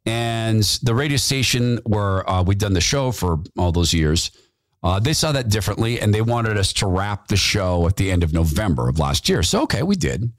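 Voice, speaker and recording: A man's voice: on the low side, sing-song, normal speed. A man hosting a podcast, giving fervent, repetitive, preachy commentary into a studio mic. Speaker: podcast host. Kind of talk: impassioned political commentary.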